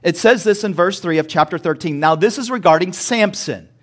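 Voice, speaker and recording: A man preaching a sermon as pastor, asking the congregation to repeat words after him and building to shouts. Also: sits high, fairly quick. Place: church sanctuary.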